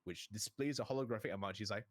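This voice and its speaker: A man's voice: lowish voice, dry recording, clean studio sound. A man narrating as game master of a tabletop game, easygoing and laughing often.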